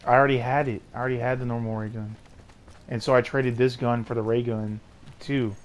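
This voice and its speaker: A man's voice: medium pitch, fairly even intonation, a little fast. A young man teasing his friend and swearing casually during a co-op video game. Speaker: gamer. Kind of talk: casual gaming banter. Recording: noisy game audio behind.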